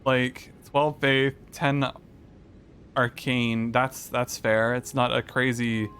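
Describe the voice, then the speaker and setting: A man's voice: medium pitch, little pitch movement, slow pace, fairly bright tone, soft background music. Chatty man streaming a game. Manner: thinks aloud, chatty, talks to chat. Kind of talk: casual gaming livestream commentary.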